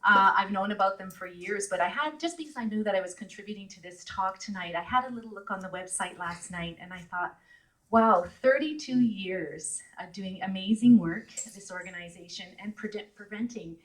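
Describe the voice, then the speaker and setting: A woman's voice: mid-range voice, normal speed. A middle-aged woman from Canada giving a talk to a live audience at an event, chatty and often laughing. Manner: chatty, laughs often, voice rises when animated. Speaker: guest speaker. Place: event hall. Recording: distant mic in a hall.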